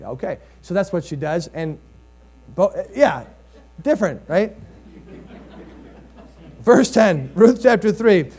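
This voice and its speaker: A man's voice: on the high side, animated, moderate pace, long pauses, darkish tone. A man preaching a sermon in a conversational way, rising into emphatic bursts and reading scripture with drama.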